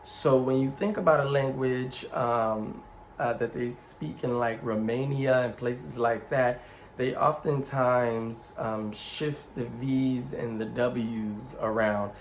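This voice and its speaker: A man's voice: mid-range voice, fairly even intonation, slow pace, slight background noise, poor audio. A man leading a ministry group, giving a casual spoken lesson and spelling out letters one by one. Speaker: ministry youth leader teaching Hebrew words.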